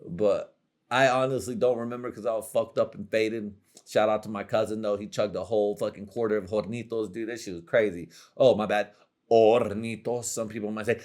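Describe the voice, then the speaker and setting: Low-voiced man rambling crude comedy. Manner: rambling, profane, slangy, laughs often. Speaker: podcast host.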